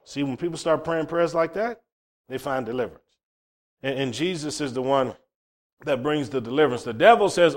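A man's voice: fairly high pitch, normal speed. A man preaching a sermon, fervent and emphatic, often repeating words as he starts a phrase. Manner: fervent, rising to loud emphatic peaks.

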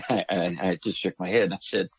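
A man from Minnesota telling a story on a podcast, talking in a lively way and acting out the voices of the people he quotes. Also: low voice, normal speed, a little hiss or hum, rough recording. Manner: animated, acts out quoted voices. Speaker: guest storyteller.

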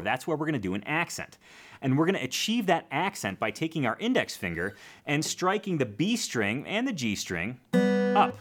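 Man, guitar teacher, mid pitch, animated delivery, casual explanatory lesson with guitar playing behind. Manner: relaxed, explanatory, counts beats aloud.

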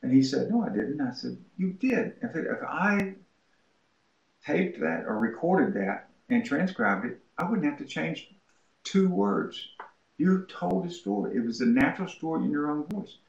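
A man who teaches writing, answering an interview question with lively anecdotes told from his home office. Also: fairly high pitch, measured pace, creaky. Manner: animated anecdotes, acting out quoted voices. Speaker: writing instructor, interview guest. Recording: roomy, dull lo-fi sound.

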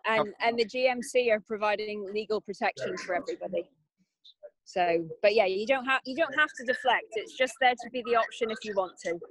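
A woman leading a staff briefing over a call, talking in a brisk, directive way with frequent ums. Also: fairly high pitch, a bit bright, low-quality recording. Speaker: clinical team lead.

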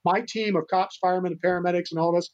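An older American man appears as a podcast guest, recounting rescue stories in a casual interview. His high-sitting voice races along with fairly even intonation, and he's earnest and rambling, restarting often. The remote audio is dull and lo-fi.

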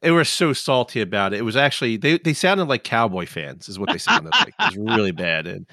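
A man's voice: lowish voice, very animated, a little fast, bright, forceful tone, no room sound, clean studio sound. A man co-hosting a gaming podcast in casual, joking chat, rambling with many restarts. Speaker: podcast co-host.

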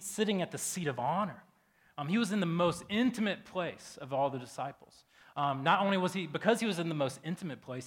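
A man's voice: on the high side, fairly bright tone. A man preaching a casual sermon as pastor, talking loosely and conversationally with lots of fillers.

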